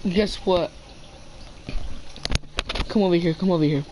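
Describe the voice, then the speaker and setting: A man's voice: high voice, measured pace, background noise. Chatty teen gamer boy. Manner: playful, chatty, talks to game animals. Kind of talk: casual gameplay chat.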